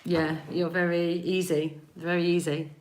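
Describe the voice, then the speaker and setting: Her pitch is fairly low with little movement, and she speaks a little slowly. She's an East London spiritual reader and energy healer with an East London accent, rambling and laughing on a live stream while greeting viewers by name and responding to their comments.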